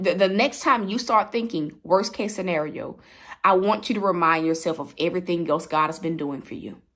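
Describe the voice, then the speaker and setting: A woman's voice: mid-range voice, fairly bright tone. A woman preaching to her livestream viewers from home, repeating her points with emphasis. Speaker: online preacher. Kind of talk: livestreamed sermon. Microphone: livestream mic.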